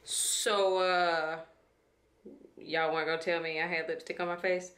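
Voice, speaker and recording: A woman's voice: fairly low pitch, level tone, measured pace, fairly bright tone, no room sound. A woman, chatting frankly and casually to the camera in a vlog, swearing freely. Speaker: vlogger. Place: in a car. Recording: clear car road noise.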